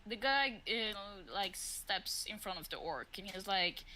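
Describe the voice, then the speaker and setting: A woman's voice: medium pitch, expressive, unhurried, pushed and bright, a little hiss or hum, poor audio. A woman running a tabletop game as game master, laid-back and swearing often, laughing along with her players. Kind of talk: narrating a tabletop game with crude humor.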